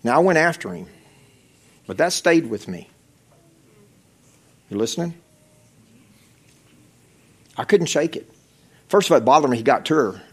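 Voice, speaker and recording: A male pastor preaching a sermon, swinging from loud exhortation to hushed, intense storytelling. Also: medium pitch, expressive, moderate pace, pauses often, breathy edge.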